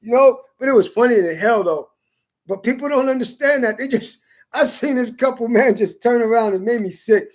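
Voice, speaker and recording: A man's voice: very high voice, brisk. A man rambling in a casual monologue, cursing often and repeating words as he goes. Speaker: vlogger.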